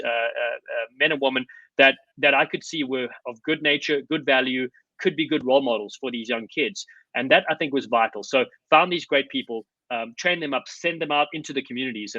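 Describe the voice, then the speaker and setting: A man's voice: mid-range voice, pushed and bright, no room sound, highs cut off. A South African man, a podcast guest, telling stories eagerly in a conversational interview with many fillers. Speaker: podcast guest, rugby commentator.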